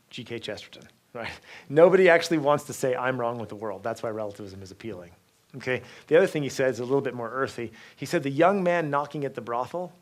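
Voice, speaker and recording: A man giving a university talk, telling stories lively with frequent asides, restarts and "okay?" check-ins to the audience. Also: medium pitch. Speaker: guest speaker. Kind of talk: university lecture.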